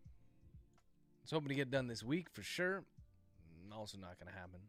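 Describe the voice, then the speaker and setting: A man's voice: mid-range voice, very animated, moderate pace, fairly bright tone, faint music behind. A man who writes novels, dictating his book aloud with the punctuation spoken and chatting casually with livestream viewers, swearing freely. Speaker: author and livestream host.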